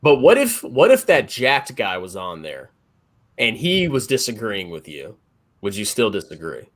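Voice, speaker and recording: A man's voice: on the low side, huge pitch swings, a little slow, fairly bright tone. A man co-hosting a casual livestream chat, blunt and sarcastic.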